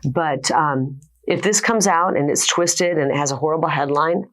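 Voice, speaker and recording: A middle-aged woman answering interview questions confidently and emphatically, stacking points in quick lists. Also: low voice. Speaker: political candidate guest.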